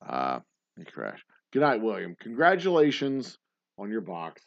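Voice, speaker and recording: A tipsy man, hosting a casual livestream and rambling fast. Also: on the low side, wildly swooping pitch, creaky, no echo, muffled recording. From Texas. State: tipsy, slurring. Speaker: livestream host.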